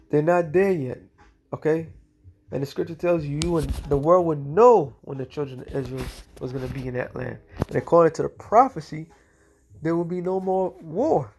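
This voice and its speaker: A man giving a combative religious commentary, speaking in casual slang and slowing into a measured cadence when he reads scripture aloud. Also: a little high, darkish tone. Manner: casual slangy speech, repeats "all right" and "okay".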